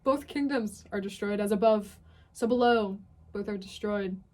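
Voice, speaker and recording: A woman's voice: medium pitch, normal speed, darkish tone. Young woman, tired, sardonic, reads aloud and comments in between, swears freely. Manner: sardonic, swears often, breaks into laughter. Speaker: vlogger reading a text aloud. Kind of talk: dramatic reading with casual commentary.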